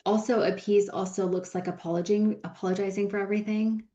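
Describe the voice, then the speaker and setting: A woman co-hosting a podcast as a coach, explaining steadily in a gentle teaching tone. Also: medium pitch, steady tone, fast talker, echoey room, highs cut off. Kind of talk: casual podcast conversation.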